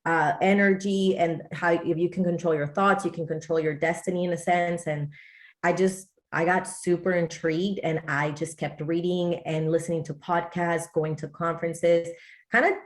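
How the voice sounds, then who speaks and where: A Texas woman, a wellness coach appearing as a guest, tells her story in a casual interview, quoting her own thoughts along the way. Her voice is fairly low and steady, and she talks at a normal speed.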